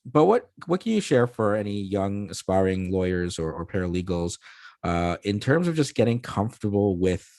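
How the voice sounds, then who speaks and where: A man's voice: fairly low pitch, sing-song, moderate pace, darkish tone, no room sound, studio quality. A man hosting an interview, asking long, rambling questions with many fillers. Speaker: host, interviewer.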